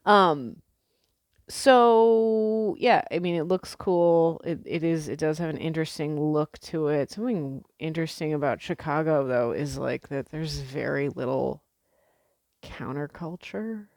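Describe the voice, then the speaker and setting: A woman's voice: low voice, measured pace, darkish tone, no echo. A young woman from the Midwest chatting casually to camera as a vlogger, rambling with lots of fillers and the odd swear word.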